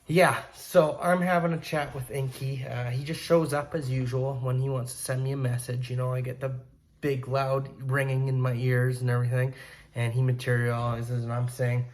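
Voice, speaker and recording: Earnest, excitable man hosting a video channel. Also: mid-range voice, moderate pace. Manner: earnest, excitable, many fillers. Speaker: channel host. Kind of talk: casual monologue to camera.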